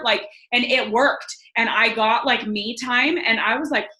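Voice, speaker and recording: A woman's voice: medium pitch, fairly even intonation, moderate pace, bright, forceful tone. A young woman giving a casual motivational talk on a team call, enthusiastic and chatty, with many "like" fillers. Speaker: guest speaker on a team call. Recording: echoey room.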